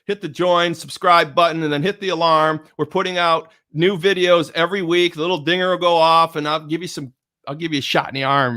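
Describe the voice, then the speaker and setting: A middle-aged man giving a motivational talk, energetic and repetitive, chanting pep-talk lines at himself. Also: on the high side. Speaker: motivational speaker.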